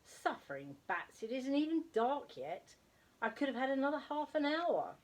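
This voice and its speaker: A woman's voice: high voice, big pitch swings, moderate pace, darkish tone, voice pushed up. A woman voicing a grumpy, sleepy father barn owl who grumbles and blusters.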